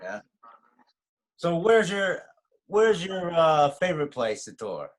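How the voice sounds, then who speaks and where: A man's voice: fairly high pitch, big pitch swings, slow. A man hosting a casual interview, laid-back, reacting with short sweary remarks. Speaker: interview host.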